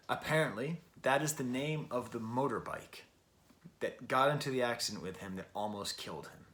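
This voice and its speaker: An American man talks through an album review in a loose, chatty way, circling back to fix his phrasing and dropping dry jokes along the way. His voice sits at an ordinary, mid-range pitch for a man. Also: moderate pace, a bit bright. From Western New York, USA. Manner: rambling and chatty, with frequent self-corrections and wry asides. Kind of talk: casual spoken album review.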